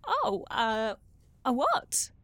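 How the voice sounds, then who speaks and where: This is a fluttery orphanage matron, as a woman acts her out, speaking in a high voice. She stammers, dodges questions and covers her nerves with little laughs. The sound is close and dry. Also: huge pitch swings, extremely slow, a bit bright, dry recording. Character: nervous, evasive female orphanage matron. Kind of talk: tabletop role-play acting.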